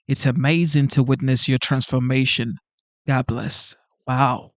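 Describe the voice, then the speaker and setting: A man's voice: medium pitch, level tone, unhurried, dry recording. A man hosting a live stream, reading viewer messages aloud and talking earnestly and emotionally, repeating himself. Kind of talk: casual live-stream chat reading super chats.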